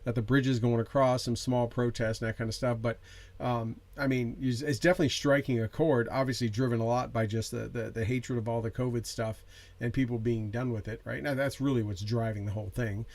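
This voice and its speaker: A man hosting a casual interview podcast, relaxed and easygoing, often trailing off. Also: medium pitch, fairly quick. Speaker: podcast host.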